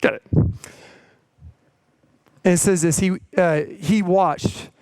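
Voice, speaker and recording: Conversational male preacher, higher voice. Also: steady tone, takes it slowly, a little mellow, clear, resonant tone, dry recording, low-quality recording. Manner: conversational, tag questions, retells stories with quoted voices. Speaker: preacher and coach. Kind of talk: sermon.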